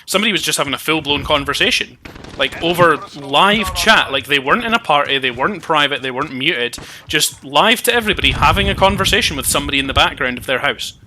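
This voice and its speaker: Animated man chatting about games. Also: fairly high pitch, quick pace. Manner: animated, swearing, stumbling restarts. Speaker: podcast co-host. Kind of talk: casual chat about games and tech. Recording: gaming audio noise behind. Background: clicks and gunfire from a game.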